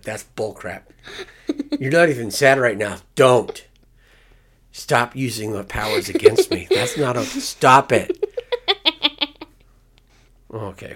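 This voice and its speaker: A man's voice: mid-range voice, sing-song, measured pace, pauses often, a bit bright. A man co-hosting a casual podcast with his child, talking in a playful, teasing way with jokey interruptions. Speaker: podcast co-host and parent.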